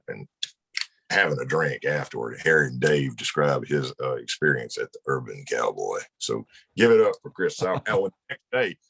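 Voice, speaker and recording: A man's voice: rumbling low, creaky, a bit bright, husky. A man from Mississippi, telling a rambling, folksy road story in a casual chat. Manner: folksy, rambling anecdote with laughs. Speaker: guest musician.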